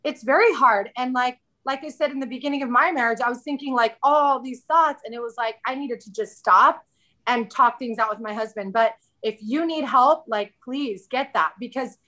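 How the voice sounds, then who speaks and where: A woman's voice: a little high, normal speed, bright, forceful tone. A woman in her thirties, a podcast guest in casual chat, candid and chatty, often quoting herself.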